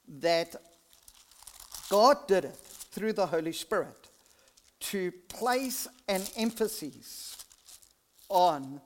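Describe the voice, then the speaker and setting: A preacher delivers a sermon and reads scripture in a slow, measured cadence, pausing often between short phrases. The voice sits in a middle pitch and drops away softly as each phrase closes. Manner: slow, deliberate phrasing with pauses, voice trailing off at phrase ends.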